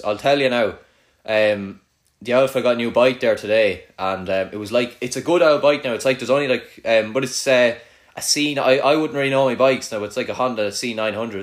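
A young man with an Irish accent from Kildare, hosting casual banter with a friend, teasing and swearing a lot, with many "like"s. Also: medium pitch.

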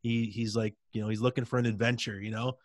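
A man's voice: mid-range voice, flat delivery, fast talker, no room sound, studio quality. A man in his thirties, a former pro hockey player, telling his faith story in an intense, candid way in a casual interview.

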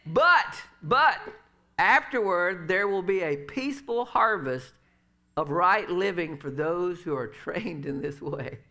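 A middle-aged man delivers a sermon in a relaxed, conversational manner, his voice sitting a touch higher than most men's. He leans on "you know" and "uh" as he talks his congregation through each point. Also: takes it slowly. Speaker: pastor.

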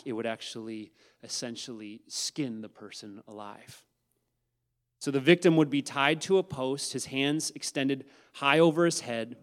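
A man preaching a sermon who addresses his listeners as guys and swings from hushed tones to loud emphasis. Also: medium pitch. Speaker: pastor.

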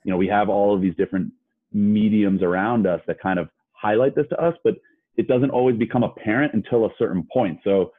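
A male host with a very deep voice rambles through his thoughts, often repeating words as he goes. He sounds tinny, as if heard over a phone line. The sound is dry, with no echo. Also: brisk. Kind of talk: casual interview chat.

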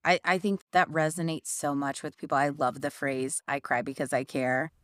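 A woman's voice: deep voice, moderate pace, fairly bright tone, clear, resonant tone, dry recording, clean studio sound. A young adult woman co-hosting a podcast, affirming the others in casual chat. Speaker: podcast co-host.

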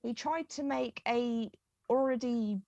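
A woman's voice: fairly high pitch, slow, lo-fi sound, a crowd in the background. A woman in casual podcast banter, telling stories bluntly with some swearing. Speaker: podcast co-host.

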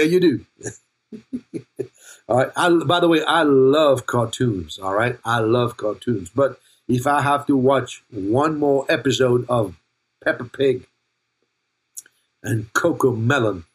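An older male pastor delivers a playful, joking sermon with a husky voice. He checks in with the congregation and calls on people by name. His delivery stays loose and conversational. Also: medium pitch, takes it slowly. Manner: playful, jokey preaching with laughs and call-outs to the congregation.

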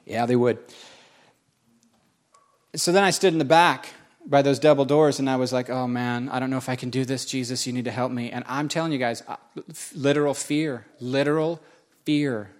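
A man's voice: mid-range voice, steady tone, moderate pace. A man preaching a sermon, telling a personal story with self-mocking humor and emphatic repetition. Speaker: pastor.

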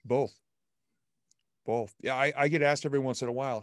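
A man as a podcast guest, telling everyday stories in an upbeat, animated way. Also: medium pitch, brisk, dry recording, clean studio sound. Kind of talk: conversational storytelling.

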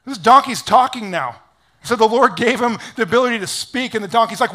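A man pastor preaching a sermon in an energetic, casual storytelling way, full of "like". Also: very high voice, a little fast.

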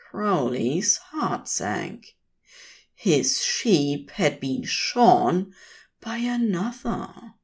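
A woman reading a story aloud as a podfic narrator, in an expressive, unhurried way. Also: low-pitched. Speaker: podfic reader.

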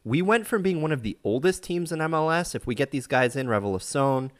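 A man's voice: a little high, fairly quick. Laid-back man hosting a sports chat. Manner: relaxed, joking, laughs at the chat. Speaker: podcast host. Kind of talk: casual sports podcast chat.

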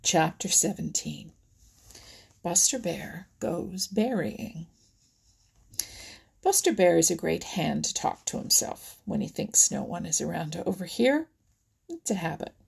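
Husky, gravelly woman reading a storybook. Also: lowish voice, expressive, a little slow, pauses often. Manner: gentle, often drops to a whisper. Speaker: narrator. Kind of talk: storybook narration.

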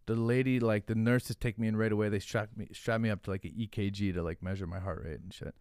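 A man's voice: fairly low pitch, steady tone, fast, a little mellow, clear, resonant tone, no echo, clean studio sound. A man, a podcast guest, telling a rambling, profane story in casual chat, full of "like". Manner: profane, rambling, heavy use of "like". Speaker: podcast guest, hot sauce founder.

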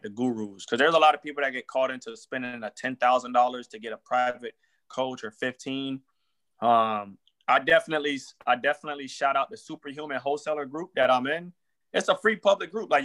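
A man's voice: medium pitch, fairly bright tone. A man, a real estate wholesaler, chatting casually on a podcast in loose slang and acting out sample phone calls.

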